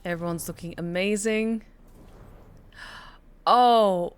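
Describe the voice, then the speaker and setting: A woman streamer gives casual commentary on a game in a high voice. She gushes, swears freely and laughs often between remarks. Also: lively intonation, normal speed.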